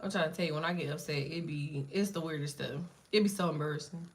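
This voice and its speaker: A woman's voice: low-pitched, fast. A woman doing a casual live tarot reading, blunt and profane, chatting to viewers and jumping between cards and asides. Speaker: tarot reader.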